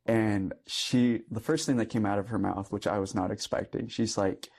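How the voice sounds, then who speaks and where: A man's voice: lowish voice, fairly even intonation, normal speed, darkish tone, slightly rough. A young man, a Catholic priest, telling a personal story in earnest conversation and laughing often. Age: young adult.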